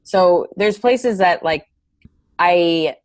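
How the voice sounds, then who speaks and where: Low-voiced woman chatting in a rambling way. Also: very slow, dry recording. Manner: rambling, self-correcting, animated storytelling. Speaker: stand-up comedian guest. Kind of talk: casual interview chat.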